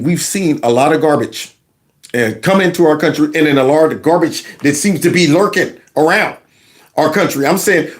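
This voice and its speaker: A man hosting his own commentary show, talking in a folksy, emphatic, slangy way and acting out quotes. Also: high voice. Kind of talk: casual political commentary.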